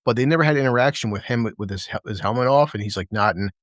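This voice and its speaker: A man's voice: medium pitch, racing, no room sound, clean studio sound. A man in casual chat recapping a TV episode, swearing freely and acting out the characters' lines. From American Midwest. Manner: profane, animated, acts out lines from scenes. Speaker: podcast host.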